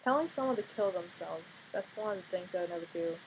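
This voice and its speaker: Tired young woman talking quietly late at night. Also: lowish voice, expressive, quick pace, slight background noise, low-quality recording. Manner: quiet, tired, rambling with many fillers, blunt outbursts. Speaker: vlogger. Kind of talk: casual vlog monologue. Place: home at night.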